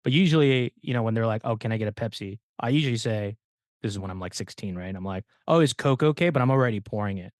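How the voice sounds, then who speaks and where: A man hosting a podcast, telling stories in a casual, animated way and acting out the people he quotes. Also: lowish voice, quick pace, no room sound, clean studio sound. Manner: animated storyteller, acts out quoted dialogue. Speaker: podcast host.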